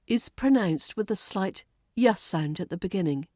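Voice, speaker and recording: A woman with a British RP accent, teaching pronunciation in a playful podcast lesson and slowly modelling words. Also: medium pitch, lively intonation, darkish tone, no echo, studio quality. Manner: crisp, playful teaching with slow demonstrated words. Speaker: accent coach.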